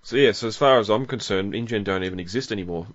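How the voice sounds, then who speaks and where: A man's voice: on the low side, fast talker. A man hosting a casual film commentary podcast, rambling with fillers and frequent chuckles. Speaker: podcast host. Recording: dull lo-fi audio.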